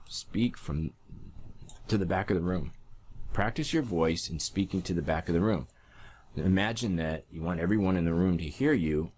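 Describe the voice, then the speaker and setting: A man's voice: a bass voice, darkish tone, slight background noise. A man teaching public speaking, talking emphatically and demonstrating changes in his voice as he coaches. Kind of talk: instructional talk.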